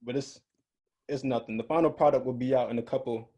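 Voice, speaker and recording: A man's voice: medium pitch, fairly even intonation, a little fast, lo-fi sound. A man in his twenties calling into a video chat, rambling earnestly with lots of fillers. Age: 20s. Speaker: caller. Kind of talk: casual chat on a video call. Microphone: video call.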